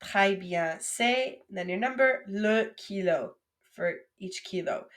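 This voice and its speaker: A woman teaching French vocabulary patiently, saying words and pausing for the listener to repeat them. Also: medium pitch, a bit bright. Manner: patient, drills words for repetition. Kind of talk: recorded classroom lesson.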